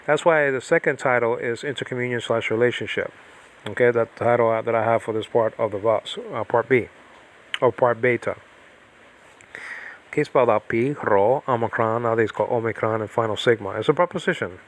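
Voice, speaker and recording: A man's voice: medium pitch, brisk. A man teaching biblical Greek in a rambling, chatty livestream lesson from his self-built house, digressing often and filling gaps with ums and restarts. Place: self-built cement-block house during a typhoon.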